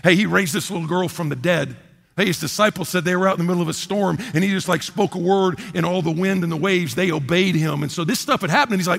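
A man preaching a sermon as a pastor from the United States, emphatic, repeating key phrases and swinging between loud and quiet. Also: fairly high pitch, a little fast, vocal fry. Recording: long hall reverb.

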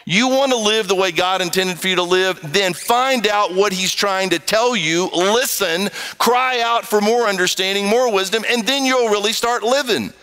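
A man preaching a sermon, reading scripture and acting out voices and sounds, with wide swings in pitch. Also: moderate pace, hardly any pauses, sharp tone, smooth.

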